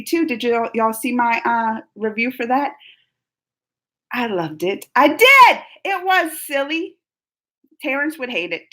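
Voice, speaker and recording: Hosting a relaxed live-chat video, a high-voiced woman reads out viewer comments playfully and with animation, laughing frequently.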